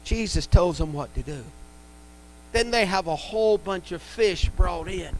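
A man's voice: high-pitched, lively intonation, measured pace, slight background noise, low-quality recording. A man preaching a live church sermon, emphatic and repetitive, speaking in a church sanctuary. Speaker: pastor.

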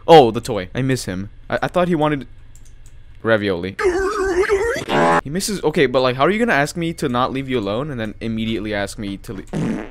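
A man's voice: mid-range voice, animated, a little fast. A man doing let's play commentary on a horror game, jumpy and easily spooked, swearing as he goes. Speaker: gaming YouTuber.

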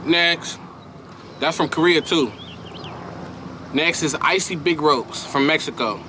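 A man's voice: on the high side, slow pace, background noise. A young man doing a casual snack unboxing review, slangy and emphatic, often repeating himself.

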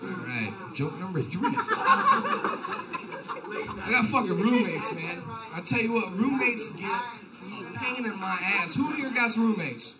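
Young male stand-up, high-pitched, loose and profane, live bar set over a laughing crowd. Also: expressive, a little slow, far from the mic, poor audio. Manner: profane, loose, rambling delivery. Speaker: stand-up comedian. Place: comedy bar.

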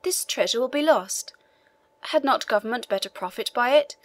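A woman's voice: fairly high pitch, lively intonation, normal speed, no room sound. A woman voicing an imprisoned old male priest who earnestly insists on his hidden treasure and begs for his freedom. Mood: pleading.

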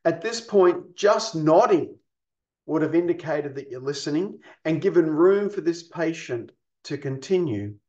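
Guy explaining stuff patiently, kinda high voice, roomy echo and dull lo-fi sound. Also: animated, unhurried, a little mellow. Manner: patient, explanatory, rhetorical questions. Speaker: pastoral care trainer. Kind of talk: recorded training lesson. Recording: echoey, dull lo-fi.

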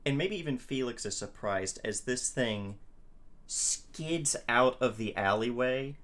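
A man playing a tabletop game, describing his character's actions in a deliberate, matter-of-fact way. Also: mid-range voice, animated, fairly bright tone. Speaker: player.

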